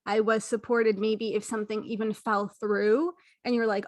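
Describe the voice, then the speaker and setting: A woman's voice: medium pitch, little pitch movement, moderate pace, no room sound, studio quality. A woman hosting an interview podcast, affirming her guest and reflecting aloud as she works through her thoughts. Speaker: podcast host. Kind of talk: casual interview conversation.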